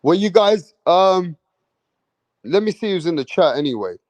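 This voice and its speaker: A man's voice: high voice, lively intonation, normal speed, darkish tone, dry recording. A man from England hosting a live boxing stream, hyped and profane, repeating his points. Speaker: boxing channel host.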